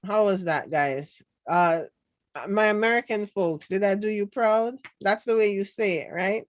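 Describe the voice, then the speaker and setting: A woman's voice: medium pitch, a little slow, no echo. A Jamaican woman with a light accent, casually chatting and reading viewer comments in a sarcastic, laughing way. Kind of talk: casual chat.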